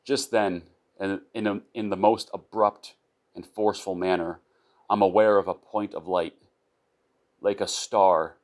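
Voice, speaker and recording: Deep-voiced man reading a first-person story. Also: little pitch movement, unhurried. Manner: unpolished reading with small restarts and repeated words. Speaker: narrator of his own short story.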